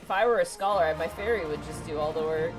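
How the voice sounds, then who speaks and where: A woman's voice: sits low, fast talker. Sarcastic woman streamer over game music. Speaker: streamer host. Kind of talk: live stream banter.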